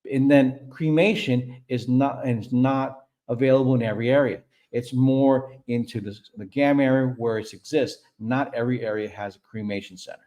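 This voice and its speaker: A man's voice: medium pitch, fairly even intonation, normal speed, hardly any pauses, warm tone. A man talking earnestly and steadily as a podcast guest, with some restarts. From Costa Rica. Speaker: guest, medical tourism advisor. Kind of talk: casual podcast talk.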